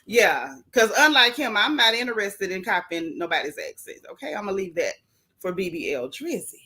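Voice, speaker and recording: A woman hosting a casual gossip livestream, chatty and animated, greeting viewers from the chat with swooping, playful emphasis. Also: medium pitch, brisk.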